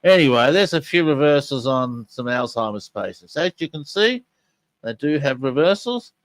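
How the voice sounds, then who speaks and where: An older man hosts a podcast in a chatty, enthusiastic way, talking straight to his listeners. His voice sits at an ordinary middle pitch. The sound is close and dry, with no room echo. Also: sing-song, moderate pace. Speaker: podcast host. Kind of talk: casual podcast commentary on audio clips.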